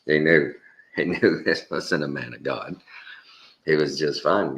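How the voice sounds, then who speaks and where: A man's voice: very deep voice, a little slow, fairly bright tone. A man from Texas with a Texan accent, giving a rambling, casual opinion monologue. He chuckles often and repeats himself for emphasis. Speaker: commentary host.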